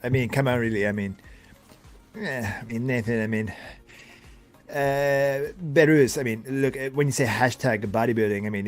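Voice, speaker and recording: A man's voice: fairly low pitch, natural voice. A tired, sore-voiced man doing a strained foreign-accented impression of a bodybuilding coach, stumbling over "I mean" and "uh" fillers. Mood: smug. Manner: halting, stacks "I mean" and "uh" fillers. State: voice getting sore. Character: heavy-accented older male bodybuilding coach.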